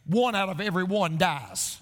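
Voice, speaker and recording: A man's voice: high-pitched, normal speed. A man preaching a sermon as a pastor, telling jokes and reading scripture, with the odd stammered restart. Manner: storytelling preacher mixing jokes with scripture, animated delivery. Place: church sanctuary. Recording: long hall reverb.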